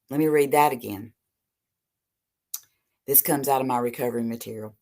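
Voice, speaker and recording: Low-voiced woman giving a motivational recovery talk. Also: normal speed, long pauses. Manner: earnest, preachy, animated with sudden soft drops. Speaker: recovery speaker.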